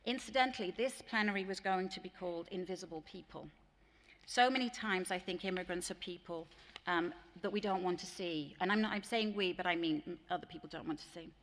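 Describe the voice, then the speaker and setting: A woman with an English accent speaks from a conference stage, her voice sitting fairly low. She tells earnest stories and mimics the voices of people she quotes. The sound carries a long reverb from a large hall. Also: a little fast. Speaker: plenary speaker at a teachers' conference. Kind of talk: conference keynote talk with anecdotes.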